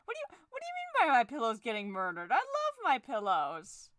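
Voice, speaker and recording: A young woman chatting casually while she draws, sarcastic, swearing freely, and jumping into shrill forced cheer. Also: wildly swooping pitch, fairly quick, a bit bright, no echo. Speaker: drawing vlogger. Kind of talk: casual chat while drawing.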